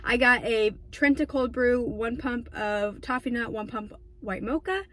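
A young woman vlogging casually, talking fast and filling with "like" and "um", filmed on a phone in her car and later on a tripod at home. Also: fairly high pitch, a bit bright. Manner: fast, chatty, lots of "like" and "um". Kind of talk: casual vlog chat. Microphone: phone camera, then on a tripod.

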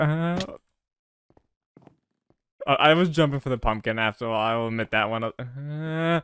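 A man talks his viewers through a game in a casual, self-narrating way, often restarting his words when irritated. His voice is smooth and clear at a middle pitch. The recording is dry and close to the mic. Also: unhurried, long pauses, a bit bright, dry recording. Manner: frustrated, self-talking, stammering restarts. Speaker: gaming YouTuber. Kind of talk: casual gameplay commentary.

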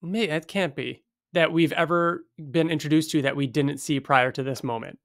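Fairly high male co-host, excitable and gushing, dry close sound. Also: normal speed, no room sound. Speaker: podcast co-host. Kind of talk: casual podcast chat.

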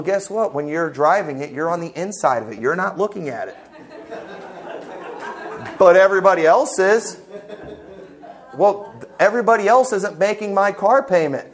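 A man preaching a sermon as pastor, emphatic and folksy, full of rhetorical questions, in a church. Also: sits high. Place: church sanctuary.

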